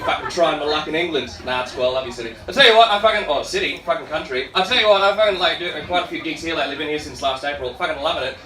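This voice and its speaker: A man's voice: on the high side, rapid-fire, hardly any pauses, bright, forceful tone. A young Australian man in his twenties doing a brash, sweary stand-up set with laughing asides. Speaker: stand-up comedian. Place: comedy club stage. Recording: echoey club from far off.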